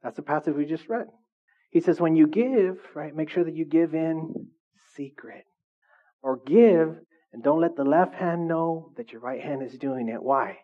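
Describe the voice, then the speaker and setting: Man preaching a lively, chatty sermon. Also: on the high side, measured pace, narrow, tinny audio. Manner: conversational, animated, asks the congregation questions. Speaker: pastor.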